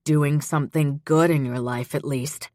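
A remorseful, subdued man, voiced by a woman narrator, speaks in a quiet, halting way, with his voice pushed deep and slow. The sound is close and dry. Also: fairly even intonation, no room sound.

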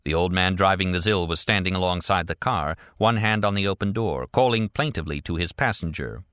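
A man narrating a thriller audiobook in a measured, even way. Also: sits low, clear, resonant tone, dry recording, studio quality. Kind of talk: scripted narration.

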